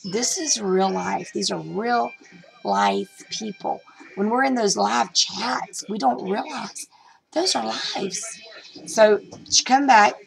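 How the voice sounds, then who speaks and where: A woman's voice: mid-range voice, animated, takes it slowly, vocal fry, crowd noise, poor audio. A middle-aged woman vlogging about reselling, telling a story in a rambling, chatty way with lots of fillers and restarts. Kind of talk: casual storytelling vlog.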